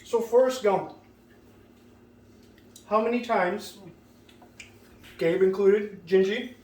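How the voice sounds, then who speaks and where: A man's voice: high voice, slow pace, darkish tone. A man hosting a casual food vlog, talking in a rambling, offhand way full of fillers. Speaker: host. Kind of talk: casual chat, comedy skit. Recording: roomy sound from a distant mic, faint noise.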